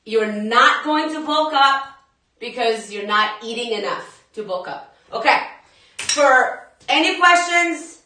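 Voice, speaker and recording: A woman's voice: sits high, expressive, takes it slowly, bright, forceful tone. A woman fitness instructor chatting to viewers during a live workout class, laughing often and talking straight to them. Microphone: phone at a distance. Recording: echoey room, phone mic far off.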